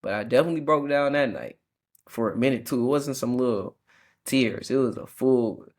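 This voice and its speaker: A man's voice: medium pitch, a little fast, darkish tone. A young man hosting a faith podcast, reflecting in a casual, slangy way with frequent restarts and self-corrections. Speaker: podcast host.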